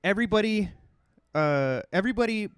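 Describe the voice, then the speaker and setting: A man hosting a solo podcast rant, blunt and heavy on the swearing, sounding thoroughly fed up. His voice sits fairly high for a man. The sound is dry and close, with little room echo. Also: lively intonation, a little fast, clear, resonant tone. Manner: profane, blunt and exasperated. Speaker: podcast host.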